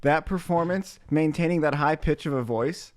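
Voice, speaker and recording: A man co-hosting a podcast in casual chat, deadpan and telling tall tales. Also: a little high, moderate pace, dry recording, studio quality.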